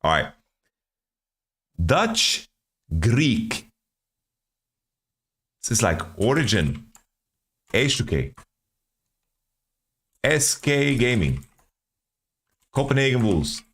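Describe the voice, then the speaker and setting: A man's voice: medium pitch, very animated, extremely slow, pauses often, a bit bright, slightly rough. A man streaming, thinking aloud as he guesses team rosters from player nationalities, often repeating words. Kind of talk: casual stream commentary.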